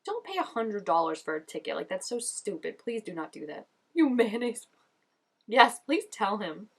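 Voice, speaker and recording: A woman's voice: mid-range voice, sing-song, moderate pace. A young woman reacting to a show episode in casual, gushing commentary, chatty and full of "like". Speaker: reaction vlogger.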